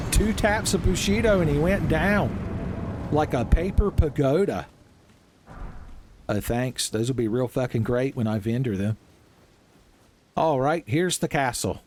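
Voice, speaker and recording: A young man giving casual, joking let's-play commentary, with swearing and animated asides. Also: medium pitch, slight background noise. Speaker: gaming channel host.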